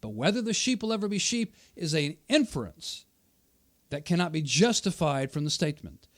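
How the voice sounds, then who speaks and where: A man's voice: a little high, big pitch swings, moderate pace. A man hosting his channel, combatively rebutting a debate opponent's quoted remarks and hammering his points through repetition. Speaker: channel host. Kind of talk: argumentative commentary on a debate video.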